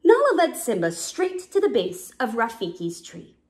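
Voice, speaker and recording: A woman's voice: a little high, huge pitch swings, moderate pace, a little mellow. Woman reading a kids story, lots of up and down in her voice.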